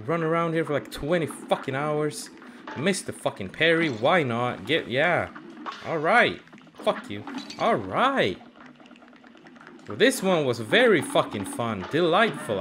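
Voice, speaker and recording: A young man commenting on his own gameplay, cursing a lot and swinging between angry yelling and low muttering. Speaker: gaming channel host.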